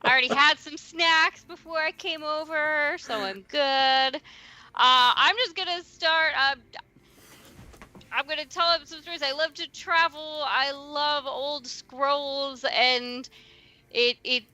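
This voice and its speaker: A woman playing a tabletop game with a high, very bright voice. She talks slowly and chattily, stammering and laughing, with faint music underneath. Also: steady tone. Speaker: player.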